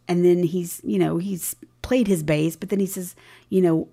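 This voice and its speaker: Low, gravelly-voiced woman podcast co-host. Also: fairly even intonation, normal speed, dark tone. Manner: retells scenes, acting out dialogue with emphasis. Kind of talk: casual recap chat.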